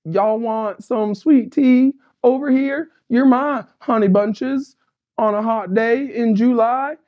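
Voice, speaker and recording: A woman's voice: on the high side, slow, muffled recording. A woman putting on a man's bad Southern drawl, folksy and mocking, for a movie recap joke. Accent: put-on American Southern. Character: male pilot with a put-on Southern drawl.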